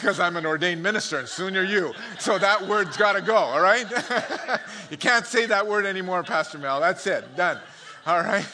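Bright high-voiced pastor preaching. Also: male voice, normal speed. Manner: chuckles often, storytelling asides. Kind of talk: sermon with humorous anecdotes.

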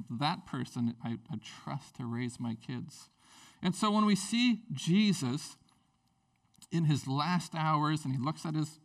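Animated pastor preaching at a distance. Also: male voice, fairly high pitch. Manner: animated, candid, swings from quiet to near-shouting. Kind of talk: sermon.

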